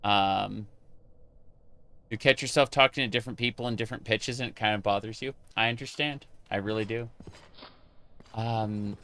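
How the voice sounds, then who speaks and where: A man's voice: on the low side, fairly even intonation, moderate pace, long pauses, bright, forceful tone, clear, resonant tone. A man chatting casually with his live-stream chat while playing a game, rambling with many fillers and restarts.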